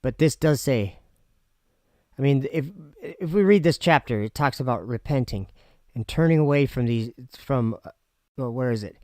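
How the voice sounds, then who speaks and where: A man casually reading scripture aloud and musing on it for his viewers, pausing and restarting as he goes. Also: mid-range voice, animated, darkish tone, no room sound, clean studio sound. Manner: reads aloud with pauses and restarts. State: talking with candy in his mouth. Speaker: video host.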